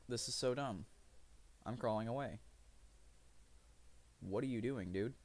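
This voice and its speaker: A man's voice: medium pitch, measured pace, pauses often, a little mellow. A man streaming live, rambling through profane, self-mocking commentary as he plays.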